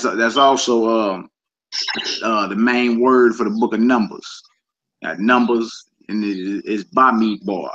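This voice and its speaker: A man's voice: fairly low pitch, a bit bright. A man teaching a casual Hebrew vocabulary lesson, saying each word several times and spelling out its letters. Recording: dull lo-fi recording.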